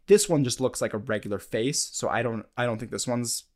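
A man's voice: medium pitch, darkish tone. Hesitant young man in podcast chat. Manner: measured, hesitant, many restarts. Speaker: podcast co-host. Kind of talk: casual debate chat.

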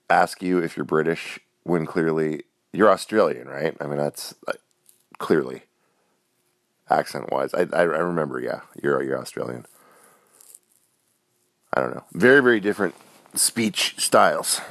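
A man's voice: rumbling low, gravelly, no room sound, clean studio sound. A man leaving a casual, wry, teasing voice message.

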